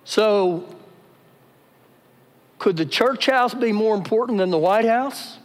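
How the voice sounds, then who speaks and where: A man's voice: sits high, takes it slowly. A man preaching a live sermon as pastor, emphatic and repeating his key phrases. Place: church sanctuary during a service. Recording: live church recording with long reverb.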